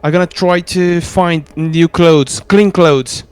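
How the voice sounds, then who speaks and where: Hesitant, smooth-voiced game player. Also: male voice, a little high, fairly even intonation, slow, no room sound. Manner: hesitant, stammering restarts. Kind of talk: playing a tabletop game.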